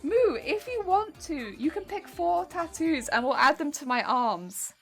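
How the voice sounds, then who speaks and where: A young woman chatting bubbly and excitable as a craft streamer, talking while she sews. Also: high voice, measured pace. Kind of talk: casual livestream chat while sewing. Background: background music and sewing machine.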